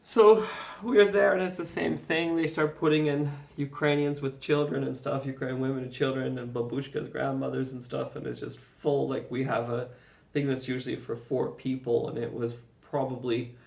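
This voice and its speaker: Man with a gravelly, fairly flat voice, rambling travel story with swearing, distant mic in an echoey space. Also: medium pitch, normal speed. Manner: rambling, emphatic, swears, chuckles often. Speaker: vlogger recounting his own journey. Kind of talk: casual first-person storytelling. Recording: roomy echo, mic far off.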